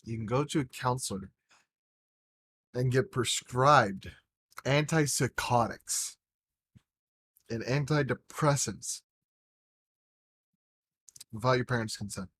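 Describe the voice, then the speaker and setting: A man's voice: mid-range voice, slow pace, pauses often, fairly bright tone, slight background noise. A man co-hosting a casual podcast, telling rambling stories and swearing freely. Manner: profane, rambling storyteller. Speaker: podcast co-host.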